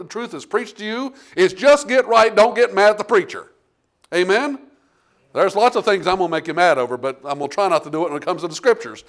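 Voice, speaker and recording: A man preaching a sermon, reading King James scripture and calling out to the congregation, with big swings between loud and quiet. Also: high voice. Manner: animated preaching with big swings in loudness, asking the congregation "Amen?".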